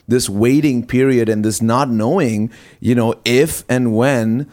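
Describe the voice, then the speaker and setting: A man, a pastor hosting a faith talk show, asking long wandering questions and talking through ideas with a gentle, pastoral tone. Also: medium pitch, measured pace. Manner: rambling, restarts questions, many fillers. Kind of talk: conversational interview on faith.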